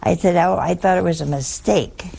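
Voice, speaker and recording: A woman's voice: lowish voice, normal speed, vocal fry, mellow, a little hiss or hum. An older woman, a nun, telling a humorous story in a folksy, wry way with frequent chuckles. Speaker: nun giving a talk.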